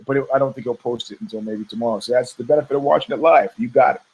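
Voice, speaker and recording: A man's voice: medium pitch, racing, a little mellow, slightly rough, poor audio. An American man hosting a podcast, telling a long story in casual, profane style and acting out the people he quotes. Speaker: podcast host.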